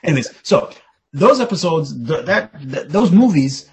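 A man's voice: fairly high pitch, moderate pace, husky. A middle-aged man in casual podcast chat, explaining with a fan's enthusiasm. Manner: enthusiastic fan, explaining with rising excitement.

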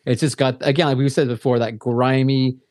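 A man co-hosting a podcast, rambling casually with plenty of restarts. His voice sits at a middle pitch. The recording is dry and close. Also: little pitch movement, brisk, a little mellow, no echo. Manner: rambling, lots of fillers and restarts. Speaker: podcast co-host. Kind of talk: casual chat.

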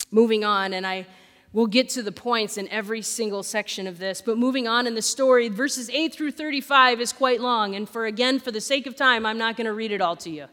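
A woman with a high voice preaches a sermon in a church. She tells the story with lively energy and acts out each quote. Her voice rings with long reverb in the big sanctuary. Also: a little fast. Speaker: pastor.

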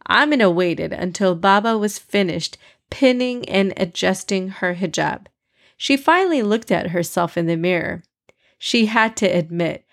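A woman reading a children's story aloud in a clear, measured way. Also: medium pitch, a bit bright.

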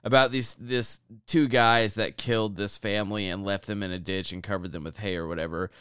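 A man's voice: lowish voice, fairly even intonation, brisk, a bit bright, clean tone, no room sound, clean studio sound. A man co-hosting a podcast, talking in a loose, rambling way with lots of fillers and restarts. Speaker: podcast co-host. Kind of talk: casual chat.

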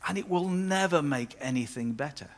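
A man's voice: on the high side, lively intonation, normal speed. A man preaching a sermon as pastor, conversational and with playful asides.

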